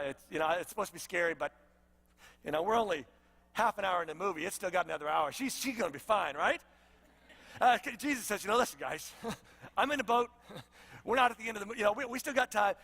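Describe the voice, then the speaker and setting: A pastor preaching in a relaxed, chatty storytelling style, his voice high and bright. It carries with a long reverb through a large church hall. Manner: conversational, storytelling, animated asides. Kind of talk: sermon.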